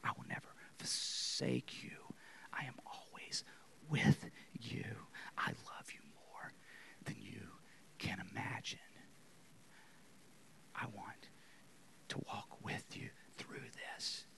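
A man voicing God as a close, tender spirit in whispered role-play, breathing soft, intimate words of comfort. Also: on the low side, slow pace, vocal fry, pauses often, pitched below the performer's own voice, heavily acted.

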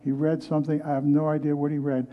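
A man's voice: a little high, monotone, quick pace, muffled recording. An older man, a pastor, preaching a sermon and telling his own story in an earnest, storytelling way. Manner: storytelling, earnest, with frequent restarts. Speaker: guest pastor. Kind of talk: sermon testimony. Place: movie theater used as church.

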